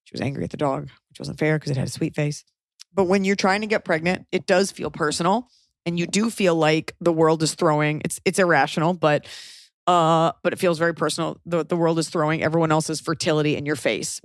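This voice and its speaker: A woman podcast host with a low-pitched voice speaks briskly, giving blunt, frank advice in casual chat. She swears freely and animatedly acts out the people she quotes. The recording is dry and studio-clean.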